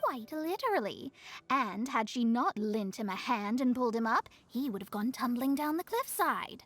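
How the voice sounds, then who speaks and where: A haughty, sharp-tongued young astrologist from a game. She teases everyone around her in a high voice. Her pitch sweeps up and down freely. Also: animated, moderate pace, dry recording, faint music behind. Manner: teasing, haughty. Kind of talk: game voice acting.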